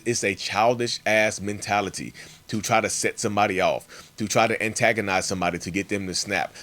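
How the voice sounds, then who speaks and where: A man's voice: on the low side, a bit bright. A man hosting a casual, emphatic monologue for his channel and addressing viewers directly as y'all. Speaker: channel host.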